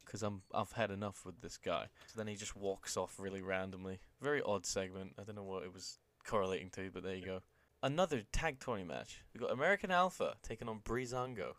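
A laid-back young man with a fairly low voice, chatting through an old wrestling episode on a podcast. He swears easily and talks loosely, close to a dry-sounding mic. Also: animated, quick pace, fairly bright tone, no room sound. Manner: laid-back, swears freely, acts out quoted lines for laughs. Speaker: podcast co-host. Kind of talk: casual chat recapping wrestling.

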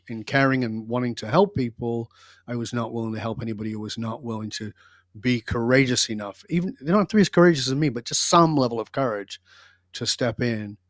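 In clean studio sound with no room noise, an older podcast guest with a mid-range voice reflects on his life in an interview. His storytelling is blunt, intense and emphatic.

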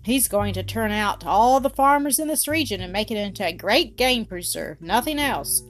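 A woman's voice: medium pitch, expressive, normal speed, soft background music, close to an everyday voice. A woman voicing a cautious young Scottish country boy who speaks in dialect. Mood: wary. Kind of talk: storybook character voice.

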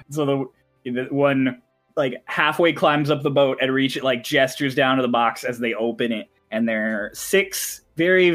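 A man's voice: mid-range voice, fairly bright tone. A man running a tabletop game who narrates in a chatty way, laughing often and using many fillers. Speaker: game master.

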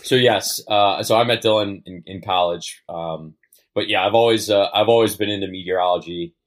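A young man from Baltimore with a Baltimore accent, a meteorologist chatting casually as a podcast guest, relaxed and quick to laugh. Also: lowish voice. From Baltimore, Maryland. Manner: laughs often, relaxed, rambling.

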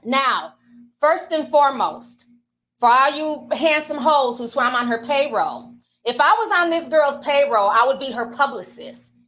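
A woman's voice: high-pitched, animated, a little slow, fairly bright tone. A woman giving sassy, casual gossip commentary, swearing now and then. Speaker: commentary vlogger.

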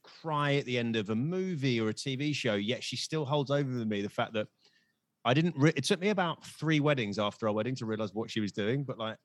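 A man's voice: medium pitch, animated, brisk, dry recording. Dry-sounding man telling stories. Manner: storytelling, acts out quotes, laughs often. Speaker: podcast guest, comedian. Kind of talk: casual chat.

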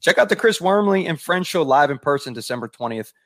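A man co-hosting a sports podcast, relaxed as he wraps up with thanks to the guests. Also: fairly high pitch, a little fast, no echo, studio quality. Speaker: podcast co-host. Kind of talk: casual sports chat.

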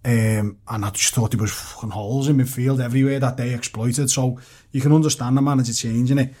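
A man's voice: mid-range voice, a little fast. A man, chatting casually as a panelist on a football podcast, rambling and swearing freely. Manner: rambling, swears freely, animated when mimicking mates.

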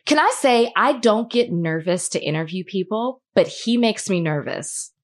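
A woman's voice: mid-range voice, animated, moderate pace. A woman who hosts an entertainment show, chatting casually and filling her talk with "like". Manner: chatty, many "like" fillers, acts out quoted dialogue. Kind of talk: casual chat.

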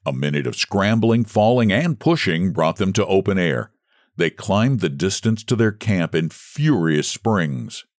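A man with a deep, low voice reads a classic story aloud, his pitch rising and falling dramatically. The sound is close and dry. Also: unhurried, no echo. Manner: expressive, theatrical reading. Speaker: narrator. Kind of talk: audiobook story narration.

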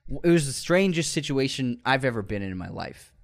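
Animated man telling a story. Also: a little fast, gravelly. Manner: animated storyteller, acts out quotes with rising pitch and laughter. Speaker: podcast co-host. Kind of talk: casual chat.

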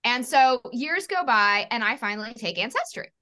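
A woman's voice: a little high, lively intonation, normal speed, sharp tone. A woman in her thirties, a stand-up comedian, telling her own story casually in an interview, acting out the people in it and swearing freely.

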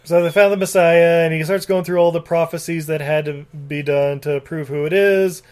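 A man's voice: fairly high pitch, fairly even intonation, moderate pace, darkish tone. A man co-hosting a podcast, recapping a movie in a rambling casual chat, laughing often and swearing freely. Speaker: podcast co-host.

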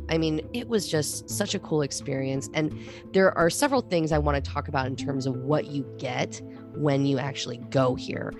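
A woman with a notably low voice chats as a podcast co-host, spinning stories with energy and acting out what people said. Faint music plays underneath. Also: normal speed. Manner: animated storyteller, acts out quotes. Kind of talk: casual chat.

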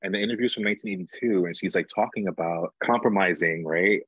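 Young man, husky low voice, chatty guest, dry close sound. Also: fast talker, fairly bright tone, no echo, highs cut off. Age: young adult. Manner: chatty, fills talk with "like". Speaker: guest, writer and actor. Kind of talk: casual conversation.

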